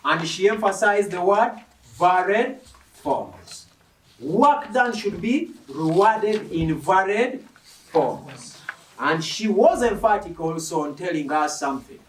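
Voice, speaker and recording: A man's voice: sits high, unhurried, slight background noise. A man preaching a sermon who quizzes the congregation and drives his points home with emphasis. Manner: animated, emphatic, asks the congregation questions. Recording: echoey hall, mic from a distance.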